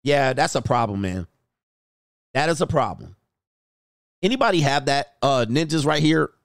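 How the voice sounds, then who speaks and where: A man talking casually on a livestream, joking around and breaking into laughter often. His voice sits at an ordinary middle pitch. The sound is dry and close to the mic. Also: animated, normal speed, gravelly, no echo. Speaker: commentator.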